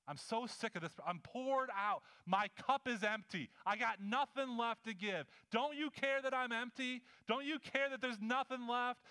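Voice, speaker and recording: A man's voice: high voice, bright, forceful tone. A man preacher voicing an overworked, frustrated woman hostess in a dramatized sermon scene, complaining and pleading.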